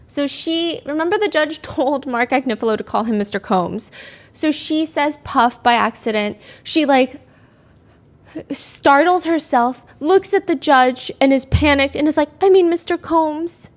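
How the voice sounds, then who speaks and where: Podcast host, female, conversational and animated, slightly high-pitched. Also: unhurried. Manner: chatty, animated, dry asides. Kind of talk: casual true-crime storytelling.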